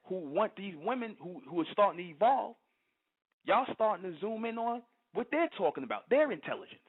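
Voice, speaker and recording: A man hosting a monologue, lecturing emphatically and firing off rhetorical questions. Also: sits high. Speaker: host. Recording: tinny phone-line sound.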